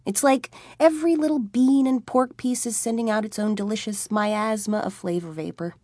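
A woman's voice: on the high side, normal speed, no room sound, natural voice. A woman voicing a nineteen-year-old male vampire who is anxious, whiny and easily worked up in an audiobook. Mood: agitated. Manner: excitable, complaining.

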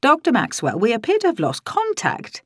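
A woman voicing a stiff, formal male director who speaks in a clipped, measured way. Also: on the high side, huge pitch swings, a bit bright, husky, dry recording, studio quality, voice pushed up, exaggerated voice.

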